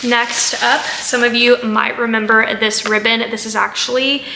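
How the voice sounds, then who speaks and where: A woman's voice: a little high, little pitch movement, a little slow, gravelly, sharp tone, echoey room, slight background noise. A woman chatting casually through a haul vlog, rambling with fillers and asides as she sorts items. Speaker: haul vlogger.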